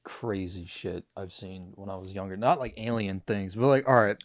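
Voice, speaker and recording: A young man from New Jersey hosting a podcast, telling a story in a slangy, excitable way. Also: deep voice, moderate pace, dry recording. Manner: excitable, slangy, says dude and bro a lot. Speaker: podcast host.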